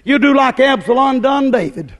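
A man preaching a fiery, folksy sermon to his congregation, often shouting and climbing in pitch. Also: expressive, normal speed. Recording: long hall reverb.

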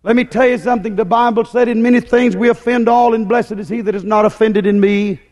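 A high-pitched male preacher delivers a fiery, folksy sermon, raising his voice and shouting. His words ring out with a long reverb, as in a big hall. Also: steady tone, fairly quick.

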